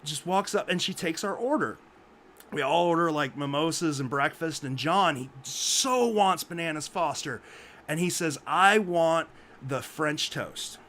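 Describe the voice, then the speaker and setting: A man's voice: a little high, normal speed, a little hiss or hum. A man, co-host of a memorial podcast, telling a funny anecdote on a group video call and acting out what others said. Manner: animated anecdote telling, acts out quoted voices.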